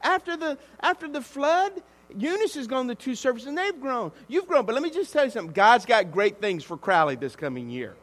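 A man preaching a sermon as pastor, animated, swinging from hushed to shouting. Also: extremely high pitch, brisk. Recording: long hall reverb with mains hum.

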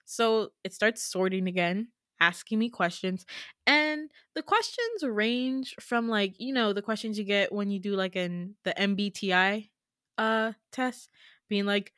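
A young woman tells a long story in a relaxed, chatty way, laughing often and swearing freely. Her voice sits at an ordinary pitch and is recorded close and dry, with no room sound around it. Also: unhurried, no echo. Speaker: podcast host. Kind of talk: casual storytelling.

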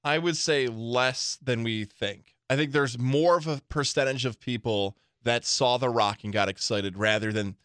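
A man co-hosting radio sports talk at a studio mic, with wry, quick banter. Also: mid-range voice, fairly bright tone, clear, resonant tone, no room sound.

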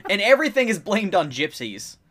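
Young guy rambling on a podcast, kinda high voice, lots of likes and swearing, gets all excited. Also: normal speed. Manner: rambling, filler-heavy, excitable, swears freely. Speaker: podcast co-host. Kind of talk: casual chat.

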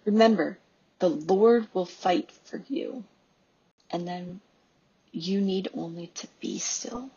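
A woman in her thirties, a homeschooling mom and podcast host, giving an earnest devotional talk with soft pauses. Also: fairly low pitch, muffled recording, slight background noise.

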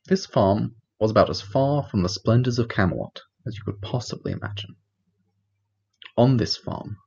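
A man's voice: on the low side, vocal fry, darkish tone, breathy edge, highs cut off, exaggerated voice. A man voicing an old male wizard narrator in a put-on Welsh accent, with a lingering, sing-song storybook delivery.

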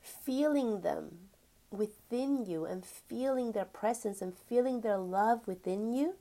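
A woman giving a spiritual teaching talk, gentle and earnest, stretching key words and sometimes dropping to a whisper. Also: medium pitch. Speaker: spiritual teacher and energy healer.

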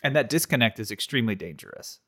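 A man co-hosting a faith podcast, explaining scripture verses in a steady, thoughtful way. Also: medium pitch, quick pace, husky. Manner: explanatory, working through scripture. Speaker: podcast co-host.

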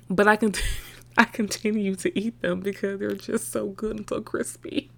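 A woman speaks in a candid, confessional monologue straight to her listeners. She uses loose casual slang and laughs to get through hard subjects. Her voice sits at an ordinary middle pitch. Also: level tone, moderate pace, vocal fry. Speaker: podcast host.

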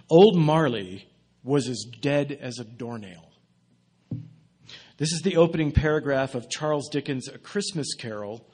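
A man preaching as a guest speaker in a relaxed, self-deprecating way, with asides and restarts. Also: medium pitch. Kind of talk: casual sermon.

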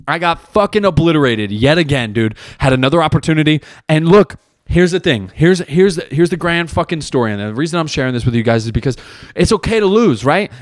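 A man, hosting a podcast and telling a story in a profane, animated way, with lots of "right?" and "dude". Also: fairly high pitch, a little fast, no room sound, clean studio sound. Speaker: podcast host; jiu-jitsu competitor. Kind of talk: casual monologue.

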